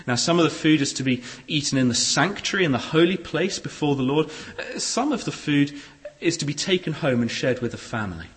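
A man preaching a sermon in a church hall, expressive, with shifting pace and loudness. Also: on the high side, brisk, hardly any pauses. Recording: echoey hall.

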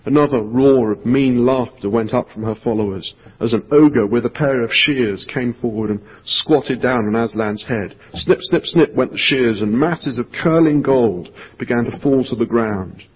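Husky-voiced male pastor preaching. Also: medium pitch, normal speed, few pauses. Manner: earnest, dropping to a hushed voice for emphasis. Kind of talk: sermon with storybook reading. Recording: echoey hall, dull lo-fi sound.

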